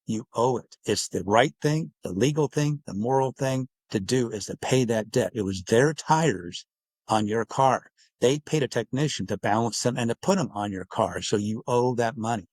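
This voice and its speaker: A man with a mid-range, darkish voice speaks at a moderate pace, with no room sound. As the guest author in a podcast interview, he explains his points extensively and acts out bits of dialogue.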